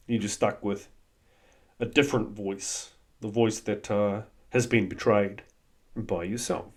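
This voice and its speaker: Male host with a low voice, blunt and profane, in a coaching monologue. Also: fairly even intonation, measured pace. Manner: blunt, swears freely, coaching tone. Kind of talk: motivational monologue.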